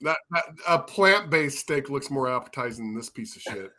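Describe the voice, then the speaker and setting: A man's voice: medium pitch, lively intonation, moderate pace, bright, forceful tone. A man hosting a podcast, joking around with his co-hosts over a video call, teasing and swearing. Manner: teasing, profane banter. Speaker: podcast host. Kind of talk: casual chat.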